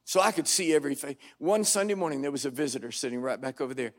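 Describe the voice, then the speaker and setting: An older man preaching a storytelling sermon to a congregation, wry and dramatic with sudden loud bursts. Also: medium pitch, animated, quick pace. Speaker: pastor. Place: church sanctuary before a congregation.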